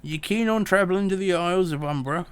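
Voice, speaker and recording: A man putting on a pirate accent, playing a rough, gloomy pirate sailor in a game. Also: high-pitched, brisk, a little hiss or hum, voice pushed up, close to an everyday voice. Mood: gruff. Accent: put-on pirate accent.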